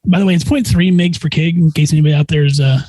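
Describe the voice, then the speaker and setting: A man's voice: fairly high pitch, fast, no room sound, poor audio. A man guesting on a podcast as a nurse practitioner, telling a story casually and acting out the voices of the people in it. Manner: animated, acts out quoted voices.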